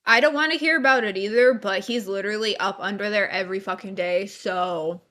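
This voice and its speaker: Brief: female co-host, mid-pitched, sarcastic needling, swears freely. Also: fairly quick, pushed and bright. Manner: sarcastic, teasing, profane. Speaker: podcast co-host. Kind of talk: casual crude commentary.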